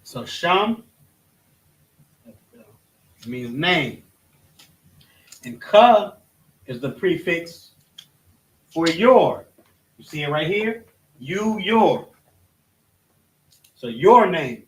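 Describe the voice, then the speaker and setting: A man with a fairly high voice teaches a scripture lesson, halting and restarting as he points things out on a board. He is recorded from across an echoey room, so his voice sounds distant. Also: big pitch swings. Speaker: religious teacher. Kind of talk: classroom-style scripture lesson.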